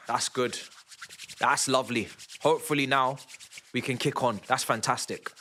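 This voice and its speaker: A young man, giving excitable and slangy live commentary as he watches a football match with his stream. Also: mid-range voice, slow pace. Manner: excitable, slangy, shouting at goals. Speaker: fan streamer.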